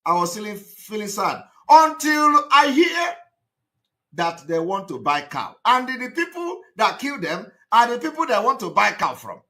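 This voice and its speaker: A man delivers a live broadcast monologue in a high, bright voice. He talks with emphasis, repeats himself and now and then bursts into shouting. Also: sing-song, normal speed, few pauses. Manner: emphatic, repetitive, with shouted outbursts. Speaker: activist broadcaster.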